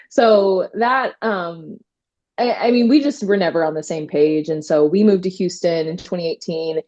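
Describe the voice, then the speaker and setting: A woman attorney telling stories in a casual interview, animated, quoting herself and using many fillers. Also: fairly low pitch, normal speed, highs cut off. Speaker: trademark attorney guest.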